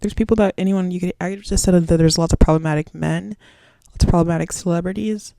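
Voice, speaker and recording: A woman's voice: on the low side, steady tone, fast, gravelly, mellow, no echo. A woman in her twenties hosting a podcast solo, rambling in casual slang and swearing freely. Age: 20s. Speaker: podcast host.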